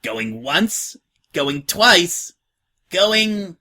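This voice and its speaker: A man's voice: mid-range voice, lively intonation, a little slow, sharp tone, husky, heavily acted. A man doing a brash, tough young filly. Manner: blunt, slangy, offhand. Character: brash, tough young filly, slangy orphan-home veteran.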